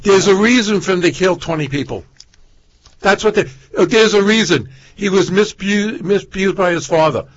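A man in casual conversation who keeps jumping in with teasing wisecracks. His voice sits notably high and husky. The audio is muffled and lo-fi. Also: normal speed. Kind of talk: casual chat.

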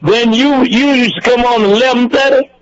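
An older man from Georgia calling in to a radio show and reminiscing in a relaxed, repetitive, storytelling way. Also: extremely high pitch, moderate pace. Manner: warm-hearted storyteller, repeats himself. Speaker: radio caller. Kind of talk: casual reminiscing chat. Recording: dull lo-fi radio call.

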